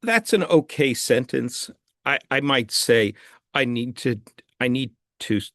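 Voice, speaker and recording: Man, grammarian on a video call, mid-pitched voice, dry close sound, hesitant and kindly corrective. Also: expressive, a little slow, no room sound. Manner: hesitant, repeats words, gently corrective. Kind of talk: online meeting report. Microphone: computer mic on a video call.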